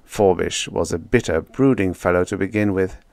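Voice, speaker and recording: A man narrating a vintage science fiction story as an audiobook, in a measured, steady reading with dramatic lift. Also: low-pitched, vocal fry, no room sound.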